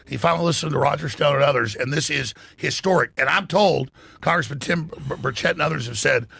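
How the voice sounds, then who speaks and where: A man's voice: fairly high pitch, fast, vocal fry, bright, forceful tone, breathy edge. A man hosting a talk radio show, delivering heated, emphatic political commentary full of profanity and stumbling restarts.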